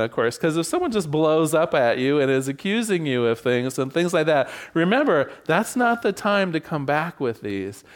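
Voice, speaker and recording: A man teaching a class on relationships, talking gently and earnestly, often asking the group whether they agree. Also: fairly high pitch. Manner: gentle and earnest, acts out sample phrases softly.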